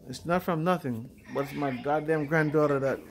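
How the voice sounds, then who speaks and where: A man's voice: a little high, moderate pace. An older man in a casual home vlog, talking in a rambling way with lots of "you know" fillers. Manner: rambling, with frequent fillers and tags. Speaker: vlogger.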